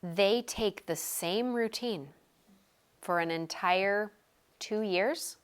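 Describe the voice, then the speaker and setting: Woman sales coach on a group video call, casual and upbeat, fast bursts, keeps repeating stuff to hammer it in. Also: mid-range voice. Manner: energetic, talks in quick bursts and repeats phrases for emphasis.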